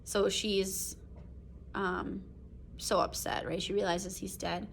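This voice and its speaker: A woman's voice: medium pitch, flat delivery, slow, vocal fry, a little hiss or hum. A woman teacher reading a short story aloud and explaining it in a casual recorded lesson, with many fillers. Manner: reads passages aloud then explains them with fillers like "um", "like" and "right?". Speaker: English teacher.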